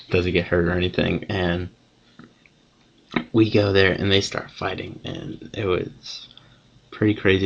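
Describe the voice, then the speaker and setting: Low gravelly teen guy, lo-fi. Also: fairly bright tone, a little hiss or hum. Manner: rambling, profane, self-correcting. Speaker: vlogger telling a story. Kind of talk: casual storytelling to camera. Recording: dull lo-fi home recording.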